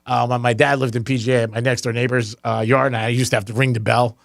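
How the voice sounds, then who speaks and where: A man hosting a talk radio show in the studio, joking and getting excited, laughing often. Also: medium pitch, fast talker, gravelly, dry recording. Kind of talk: casual talk radio banter. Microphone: studio microphone.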